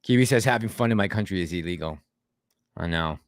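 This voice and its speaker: A man's voice: low-pitched, brisk, dry recording, clean studio sound. Chatty man. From Boston. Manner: chatty, rambling, laughs often. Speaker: livestream host. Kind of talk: casual livestream chat reading viewer comments.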